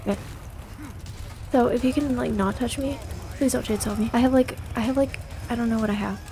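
A woman's voice: on the high side, fairly even intonation, fairly quick, mellow, slight background noise. A young woman giving casual let's play commentary in jittery, joking self-talk full of exclamations. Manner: jokey and self-deprecating. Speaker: gamer.

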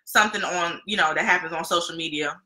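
A woman's voice: on the low side, fast talker, bright, forceful tone, low-quality recording. A young adult woman co-hosting a live podcast, easygoing and chatty. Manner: easygoing, laughs often, chatty. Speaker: podcast co-host. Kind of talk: casual live podcast chat.

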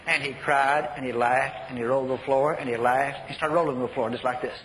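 An older man preaching a sermon, telling folksy stories and shouting commands. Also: mid-range voice, steady tone, fast. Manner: folksy storytelling, shouts commands, repeats phrases. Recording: echoey hall, faint noise.

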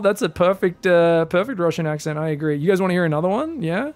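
An Australian man casting a live strategy game, chatting and joking with his viewers between plays and bursting into excited shouts. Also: sits high, fast. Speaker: esports caster. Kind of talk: live game commentary and chat banter.

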